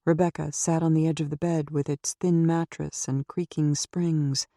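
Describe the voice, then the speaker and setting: A woman reading a suspense audiobook in a steady, measured way into a close microphone. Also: deep voice, dry recording. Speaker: audiobook narrator. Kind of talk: scripted audiobook narration.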